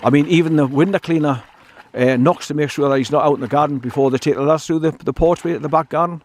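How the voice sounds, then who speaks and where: A man's voice: on the high side, fast. Chatty older man. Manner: chatty, blunt, meandering, repeats words. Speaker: dog owner vlogger. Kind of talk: casual rambling walk-and-talk. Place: outdoors by a stream and bridge.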